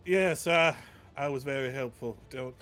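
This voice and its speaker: A man's voice: mid-range voice, a little slow, a bit bright. A man playing in a streamed tabletop game, joking around and laughing often. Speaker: player. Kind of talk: casual banter on a game stream.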